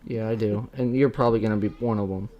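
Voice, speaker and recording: A man's voice: fairly low pitch, steady tone, fast talker, lo-fi sound. A young man hosting a casual live stream, chatting with a friend and thanking viewers as he rambles. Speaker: streamer hosting a subscriber livestream.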